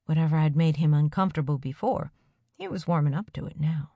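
A woman narrating a first-person story aloud in a calm, measured way. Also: low-pitched, vocal fry, no room sound, clean studio sound. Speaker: audiobook narrator.

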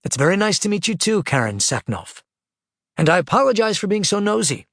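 Man doing a friendly old grandpa, chatty, voice up high, dry sound. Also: very animated, a little fast, creaky, fairly bright tone, no room sound, heavily acted.

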